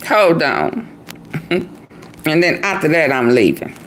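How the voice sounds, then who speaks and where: A woman giving casual gossip commentary, animated and laughing often. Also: slow pace, slight background noise. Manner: animated, laughs often, mimics with shrieking high voice. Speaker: commentary vlogger.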